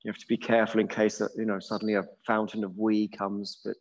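A middle-aged man with a relaxed, musing manner, leading a yoga class and drawing out words slowly. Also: on the low side, rough recording. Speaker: yoga teacher. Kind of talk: guided yoga class instruction.

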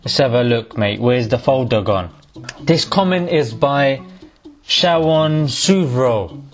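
A man's voice: medium pitch, lively intonation, slow, soft background music. A man hosting a casual, mocking commentary on hate comments, tossing in "mate" again and again. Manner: sarcastic, mocking, peppers speech with "mate". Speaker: YouTube host.

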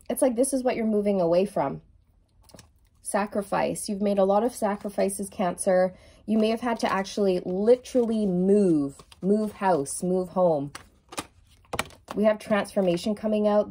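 Woman, tarot reader, effusive, emphatic, mellow warm tone. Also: medium pitch, breathy edge. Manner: effusive, emphatic, drawn-out key words; sings song lyrics softly at times. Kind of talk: tarot reading to camera.

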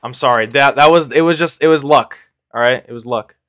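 Brief: young male gamer streaming live, loose slangy rambling chat, mid-pitched voice, dry close sound. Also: brisk, fairly bright tone, no room sound. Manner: rambling, slangy, says "bro" constantly, laughs often. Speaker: game streamer. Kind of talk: casual live gameplay chat.

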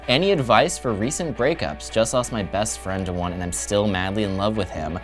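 A man's voice: fairly low pitch, normal speed, fairly bright tone, faint music behind. A man hosting a casual comedy show, reading viewer messages aloud in a playful way. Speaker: host.

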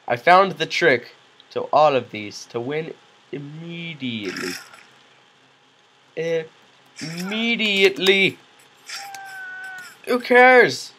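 A man doing goofy, excitable let's play commentary, yelling reactions and cracking self-mocking jokes. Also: fairly high pitch, takes it slowly, pauses often, low-quality recording. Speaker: gaming commentator.

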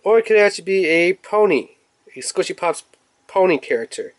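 Man, casual toy review, chatty, rambling, slightly high voice, dry room. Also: brisk, no room sound. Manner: chatty, rambling with fillers, excitable when revealing toys.

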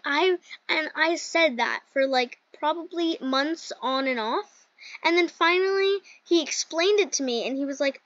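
Giggling as she commentates on gameplay, this gaming-channel host chats casually and leans heavily on the word "like." Her voice sits high with a fairly bright tone and no echo. The audio is dry, dull, and lo-fi.

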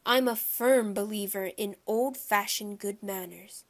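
Booming, pompous older gentleman, stern about manners, as a woman voices him. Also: unhurried, natural voice.

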